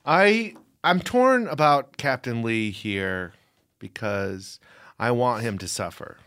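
A podcast co-host making sarcastic, crude, deadpan jokes in casual chat. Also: medium pitch, slow.

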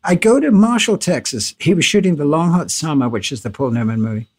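A husky, slightly high-voiced older man tells stories as an interview guest. He is animated and swears freely, breaking into laughs as he goes. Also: brisk. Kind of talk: casual interview storytelling.

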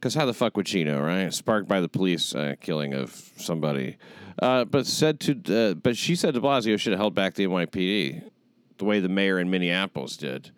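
A man's voice: low voice, lively intonation, brisk, clean tone, no echo. A man hosting a podcast in casual chat, blunt and profane, rambling with plenty of fillers. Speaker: podcast host.

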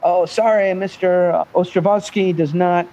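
A man voicing a polite, halting male interpreter with a mock Russian accent. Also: high voice, fairly even intonation, dark tone, dull audio, a little hiss or hum, voice pushed up.

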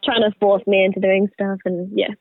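A woman's voice: mid-range voice, level tone, a little fast, no room sound. Twenty-something woman chatting over a tinny phone line, dry, says like a lot. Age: 20s. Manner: chatty, many likes and ums. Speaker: guest. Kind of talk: casual interview.

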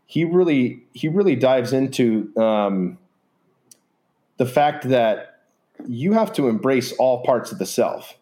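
A man's voice: medium pitch, warm tone. A man talking in a casual, earnest way as a podcast guest, rambling with many fillers. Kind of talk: casual reflective conversation.

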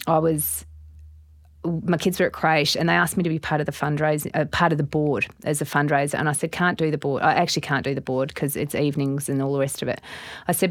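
A middle-aged Australian woman guest speaks with a low voice at a quick clip. She tells stories casually and animatedly, acting out her inner thoughts. The sound is dry and close. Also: no echo. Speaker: guest, business owner. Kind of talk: casual podcast interview.

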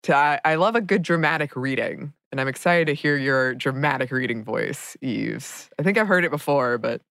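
A woman's voice: extremely low pitch, animated, normal speed, fairly bright tone, no room sound, clean studio sound. A woman co-hosting a podcast in a bubbly, enthusiastic casual chat. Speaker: podcast co-host, voice actor.

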